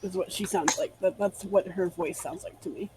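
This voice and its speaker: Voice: mid-range voice, steady tone, moderate pace, music in the background, rough recording. A tabletop player chatting casually with the group, earnest and reassuring. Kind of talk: casual chat between tabletop sessions.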